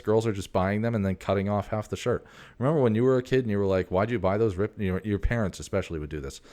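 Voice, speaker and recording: A man's voice: low voice, darkish tone. A man in his forties hosting a casual, rambling monologue, a profane storyteller who keeps drifting off on tangents. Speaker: host.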